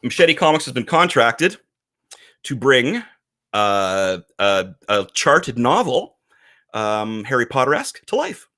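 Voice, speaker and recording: A man's voice: medium pitch, big pitch swings, slow, sharp tone. A man co-hosting a casual podcast, talking animatedly and acting out quoted voices. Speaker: podcast co-host, comic publisher.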